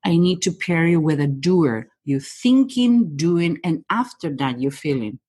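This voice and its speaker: A woman with a slightly low, husky voice talks through a podcast as a behavior expert. Her non-native English phrasing is blunt and direct, laying out one reading of the listener after another. She drops in an affectionate "honey" as she goes. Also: lively intonation, mellow. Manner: direct and rapid-fire, reads the listener point by point, says "honey". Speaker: guest, human behavior expert. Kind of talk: casual podcast conversation.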